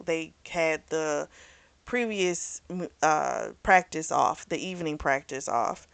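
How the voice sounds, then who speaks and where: Woman, book club host, lowish pitch, close dry mic, loose rambling recap full of filler words. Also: takes it slowly, vocal fry, a bit bright, dry recording. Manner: chatty, rambling, full of "like" and "you know"; self-correcting, loses track of names.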